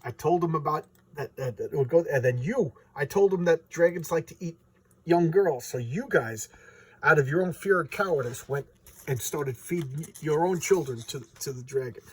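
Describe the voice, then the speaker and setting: Sly resentful old possum, read by a man, husky tone. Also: on the high side, moderate pace, poor audio. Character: bitter scheming old male possum.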